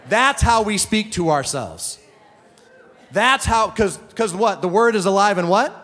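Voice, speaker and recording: A man's voice: sits high, expressive, unhurried, fairly bright tone. A male pastor preaching to a congregation, joking and acting out stories as he goes. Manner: joking, storytelling, acts out quotes. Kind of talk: sermon. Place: church hall. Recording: hall reverb.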